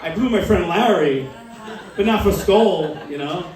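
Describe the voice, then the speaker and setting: A man in his forties doing a stand-up comedy set, deadpan storytelling and acting out quoted people. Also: high voice, unhurried, some chatter behind. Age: 40s. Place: small comedy club. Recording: echoey club from far off.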